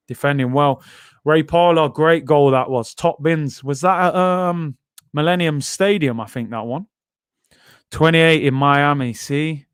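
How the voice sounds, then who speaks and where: A man's voice: on the high side, clear, resonant tone, no room sound, clean studio sound. Chatty man hosting a watchalong. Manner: chatty, slangy, reads out viewer comments. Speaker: football watchalong host. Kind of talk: casual live-stream chat and commentary.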